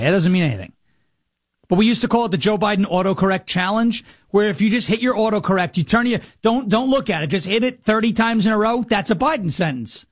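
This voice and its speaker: Sarcastic high-voiced male talk host. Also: animated, fast, dry recording, studio quality. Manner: sarcastic, mocking, plays clips. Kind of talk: mocking political commentary.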